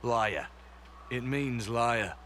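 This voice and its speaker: A disciplined soldier ally in a game, who briefs in a calm, measured, matter-of-fact way. His voice sits at an ordinary pitch over a faint hiss. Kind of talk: video game dialogue.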